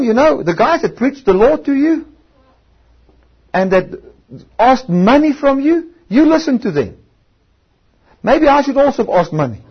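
A man's voice: high-pitched, breathy edge, highs cut off. A man preaching a sermon, stretching out key words for emphasis and often restarting his sentences. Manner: emphatic, drawn-out stresses, frequent restarts.

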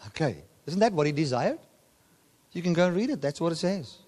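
Guy preaching a sermon, voice shoots up loud then drops way down, long hall echo. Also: on the high side, a little fast. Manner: animated preaching, voice rising and dropping sharply for emphasis.

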